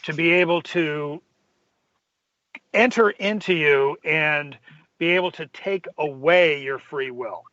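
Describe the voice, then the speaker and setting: A man hosting a talk radio show, asking a guest a question in a halting way, with many restarts. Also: on the high side, pushed and bright, dry recording. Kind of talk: interview question. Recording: dull lo-fi, dry.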